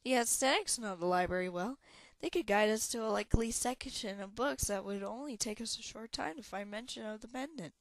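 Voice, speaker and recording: A woman reading aloud, voicing a bossy, worried young female companion with a shrill, high voice. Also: fairly quick, no echo, lightly acted. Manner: high-pitched, scolding. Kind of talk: audiobook character voice.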